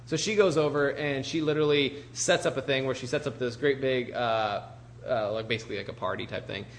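A man's voice: mid-range voice, steady tone, fairly quick, slight background noise. Casual storytelling male preacher. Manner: informal storytelling with asides and restarts. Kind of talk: conversational Bible teaching.

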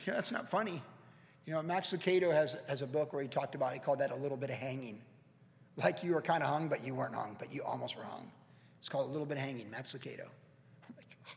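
A gravelly, medium-pitched man in his fifties, a pastor, delivers a conversational sermon in a church sanctuary, the recording echoing through the hall. He is earnest and tells stories, pausing and restarting as he goes.

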